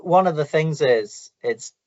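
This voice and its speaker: Halting man hosting a casual chat. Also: on the high side, animated, dull audio. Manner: halting, repeats words, restarts often. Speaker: host.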